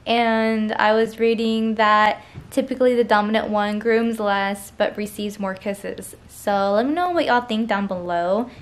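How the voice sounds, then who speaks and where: A tired young woman, chatting through casual vlog updates about her pets and stretching her fillers. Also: mid-range voice. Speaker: vlogger.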